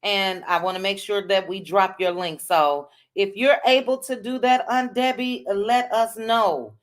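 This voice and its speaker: Slow-talking woman hosting a live chat. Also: medium pitch, steady tone. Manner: drawn-out, chatty greetings. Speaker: livestream host. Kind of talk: casual live chat greeting viewers.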